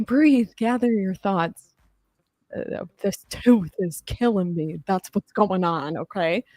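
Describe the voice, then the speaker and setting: A young adult livestream host talks slowly in a mid-range, darkish voice on a dry recording. Chatting casually, she rambles, swears, and laughs a lot.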